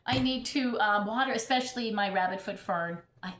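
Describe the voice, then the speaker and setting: A middle-aged houseplant vlogger chats at home among her plants, rambling and often laughing while she recovers from being ill. Her medium-pitched voice is a bit bright, her pace moderate, and the room echoes.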